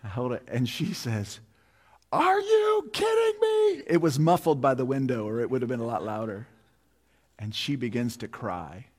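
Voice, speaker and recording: A man's voice: medium pitch, moderate pace, a little mellow. Man, 50s, pastor, sermon, vivid storyteller, emphatic repeated appeals, mid-range voice, long church-hall reverb.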